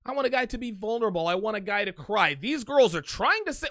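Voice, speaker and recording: A man's voice: sits high, very animated, fairly quick, few pauses, fairly bright tone, no echo. A man doing mocking reaction commentary, emphatic and sarcastic, on a close microphone. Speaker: commentary host.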